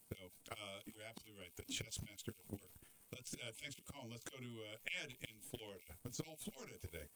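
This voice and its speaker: A man hosting a talk radio show, brash and joking, spinning quick anecdotes and taking calls. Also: on the low side, expressive, bright, forceful tone, slight background noise, rough recording.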